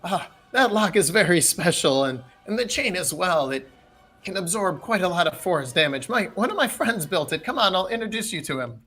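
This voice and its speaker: A man's voice: high voice, expressive, normal speed, sharp tone, pitched above the performer's own voice, full character voice. A fussy, shriveled old man, put on by a man running a tabletop game. He talks in a raised, wavering register, hesitant and apologetic, then eager to welcome guests inside. He is small, clever and anxious to please. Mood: welcoming.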